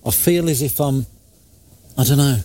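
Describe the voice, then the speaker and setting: A man hosting a live radio show, telling a jokey story in a chatty, animated way. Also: medium pitch, normal speed. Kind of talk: casual radio chat. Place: radio studio.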